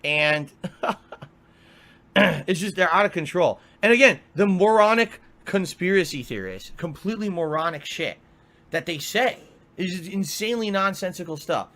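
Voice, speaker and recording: A man's voice: high voice, expressive, a little slow, a bit bright. A male streamer in an angry, profane rant, exasperated and repeating himself.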